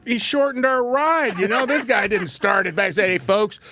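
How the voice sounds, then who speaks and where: The recording is dry, and the man's voice is extremely high-pitched, expressive and sharp in tone, at normal speed. He's a talk show host in his seventies telling a rambling, folksy story from his youth and laughing along at it.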